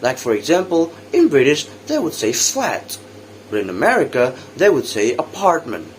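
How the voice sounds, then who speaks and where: A young man with an Indonesian accent, giving a practice English lesson as a student teacher and repeating example words slowly for drilling. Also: medium pitch, wildly swooping pitch, slight background noise.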